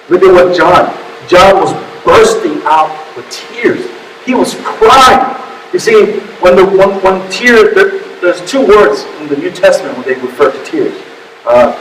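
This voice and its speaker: A man preaching a sermon as pastor, emotional, swinging from hushed to loud and repeating his words. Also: on the high side, echoey room, in a large hall, recorded from a distance, a little hiss or hum, low-quality recording.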